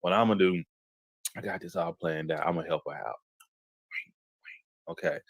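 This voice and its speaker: Low-voiced animated man telling a story. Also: normal speed, gravelly, dry recording. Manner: animated, repeats himself, jumps into quoted voices. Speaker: podcast host telling a story. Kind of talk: casual storytelling chat.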